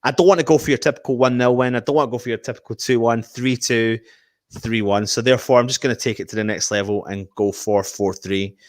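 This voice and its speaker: A man's voice: mid-range voice, fast talker, no room sound, studio quality. A man hosting a casual fan live stream, reading viewer comments and making match predictions. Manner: animated, reads out viewer comments.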